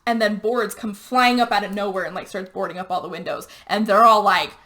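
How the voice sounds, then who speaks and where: Bright-voiced woman recapping a movie. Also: medium pitch, brisk. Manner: animated retelling with quoted character voices, lots of "like". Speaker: podcast host. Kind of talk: casual movie recap chat.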